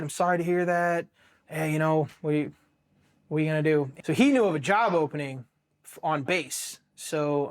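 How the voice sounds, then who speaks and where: A man in his thirties from Ohio, a military veteran telling his story candidly, blunt and heavily profane, with flashes of emotion. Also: a little high. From Ohio, USA.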